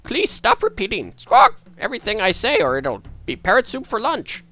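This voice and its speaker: A man's voice: high-pitched, huge pitch swings, normal speed, bright, forceful tone, pitched above the performer's own voice, full character voice. A man voicing a parrot that squawks and mimics a mad scientist with a mock German accent. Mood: squawking, theatrical.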